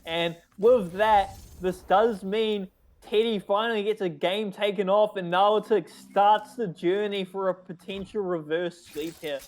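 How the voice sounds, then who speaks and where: An esports co-caster calling a live card game match, excitable and quick to laugh, often restarting mid-sentence. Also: medium pitch.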